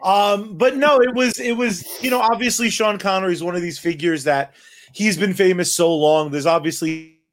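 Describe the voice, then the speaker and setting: Crude, laughing man with a high voice. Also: steady tone, moderate pace. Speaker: podcast co-host. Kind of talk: casual chat. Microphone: remote call mic.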